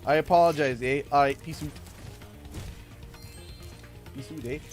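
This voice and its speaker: A Canadian man live-streaming a game, excitable and thanking viewers over and over. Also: fairly high pitch, unhurried, soft background music. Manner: excitable, thanks donors warmly and often. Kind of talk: live gameplay stream chat.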